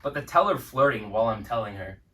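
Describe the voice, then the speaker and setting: A young man chatting casually as host of a lyrics quiz, laughing often between lines. His voice sits at an ordinary pitch and sounds a little distant from the microphone. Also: expressive, fast talker, pushed and bright. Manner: laughs often, reads lines with mock flair. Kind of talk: casual chat.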